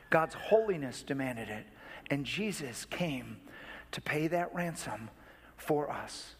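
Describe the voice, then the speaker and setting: A man's voice: fairly high pitch, animated, slow, husky, in a large hall. A man, a pastor, preaching an earnest, emphatic sermon and telling stories from his ministry.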